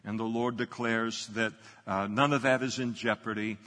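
A man's voice: on the low side, steady tone, normal speed, bright, forceful tone, big-room sound. A man preaching an unscripted Bible sermon as pastor, with frequent fillers and restarts.

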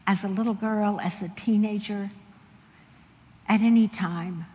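A woman telling stories in a sermon, animated and laughing often as she acts out the people in them. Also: medium pitch, unhurried. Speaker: Christian speaker. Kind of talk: sermon storytelling. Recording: long hall reverb.

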